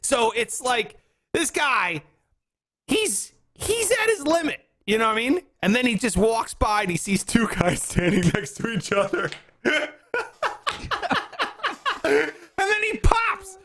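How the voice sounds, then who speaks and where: A man's voice: very high-pitched, big pitch swings, slow, long pauses, pushed and bright. A man hosting a radio show, chatting in a casual, profane, laughing way. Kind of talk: casual chat.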